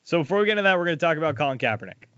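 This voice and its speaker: A man hosts a casual sports talk show, running through scores in a blunt, animated way. His voice sits a little high, and the sound is dry, close and slightly dull and lo-fi. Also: rapid-fire, no echo. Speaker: podcast co-host.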